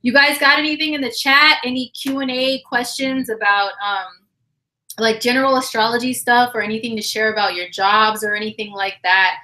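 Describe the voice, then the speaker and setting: A woman hosting a livestream chat, telling a story in a casual, animated, slangy way and acting out quotes, her voice slightly hoarse. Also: on the high side, normal speed, poor audio. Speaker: livestream astrology host.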